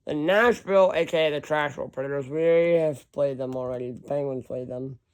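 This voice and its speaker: Man, fairly high smooth voice, casual rambling, reads off lists, self-correcting. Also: fairly quick. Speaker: hockey fan ranking team schedules. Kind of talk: casual solo commentary.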